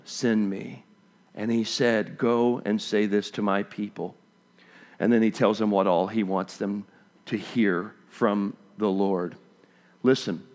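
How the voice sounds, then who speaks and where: Slow, emphatic male preacher. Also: mid-range voice. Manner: emphatic, acts out reactions with exclamations. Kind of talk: sermon.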